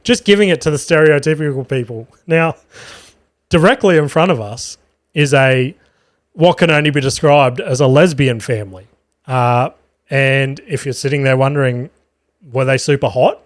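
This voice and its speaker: A young Australian man hosting a podcast, telling an animated, profane, self-mocking story from home. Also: medium pitch, normal speed, no echo. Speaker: podcast host. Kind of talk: casual storytelling chat. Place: home room with a cat.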